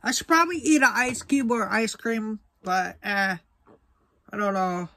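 High-voiced young man, slow and sighing. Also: expressive, pushed and bright, a little hiss or hum. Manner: slow, breathy sighs between short remarks, repeats "guys". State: mouth burning from spicy food. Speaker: food vlogger. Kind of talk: casual vlog talk to camera.

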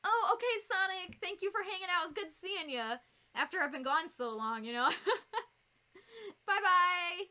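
A woman with a Northern US accent chatting casually on a live stream while she builds a fursuit, bubbly and quick to giggle as she talks to her viewers. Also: sits high, lively intonation, sharp tone. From United States.

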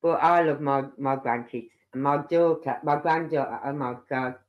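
An older live-stream host chats casually and at length. The talk wanders from topic to topic and keeps turning back to the audience. The voice sits at an ordinary middle pitch. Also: normal speed, muffled recording. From Birmingham, England. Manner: rambling, chatty, talks straight to viewers. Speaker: livestream host.

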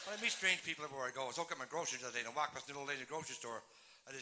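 A man doing live stand-up comedy, telling folksy jokes in quick succession on stage. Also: medium pitch, sharp tone, low-quality recording. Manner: folksy rapid-fire joke telling.

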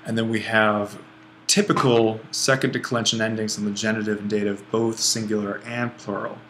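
A man teaching a grammar lesson over a screencast, relaxed and thinking aloud as he writes, often correcting himself. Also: fairly low pitch, normal speed, a little hiss or hum. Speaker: Greek language instructor.

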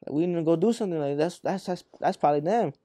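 A young man from Arizona tells a story in a loose, rambling way, full of swearing and acted-out quotes. His voice sits a little high but has a mellow, dark tone. The sound is close and dry. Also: fast, no echo. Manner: rambling, profane, acts out quotes. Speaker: rapper guest. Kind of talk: casual interview storytelling.

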